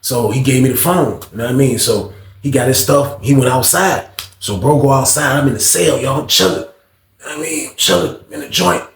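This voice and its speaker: A man telling a story in a casual, animated way, full of slang, talking straight to his listeners. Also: medium pitch, fairly quick, creaky. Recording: roomy echo.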